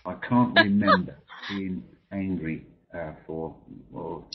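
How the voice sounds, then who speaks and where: Deep-voiced older man, chuckling storyteller. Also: takes it slowly, heavy background noise. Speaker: co-host. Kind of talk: casual chat. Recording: dull lo-fi sound.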